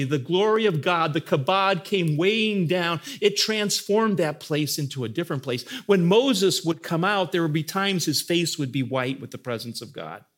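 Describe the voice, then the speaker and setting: A middle-aged man preaching a sermon as a pastor, swinging between soaring, lifted lines and hushed, intimate ones. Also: on the high side.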